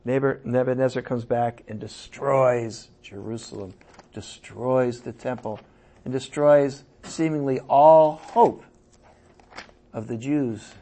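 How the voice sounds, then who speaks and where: A man preaching a sermon and teaching from scripture, emphatic, with sudden loud raised passages. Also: medium pitch, slow pace. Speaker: pastor.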